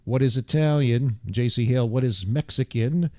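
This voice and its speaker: A male show host who drifts through a loose monologue, cracking wry, self-deprecating jokes. He has a dark, mellow tone and a dry recording with little room sound. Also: mid-range voice, moderate pace, no room sound. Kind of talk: casual rambling monologue.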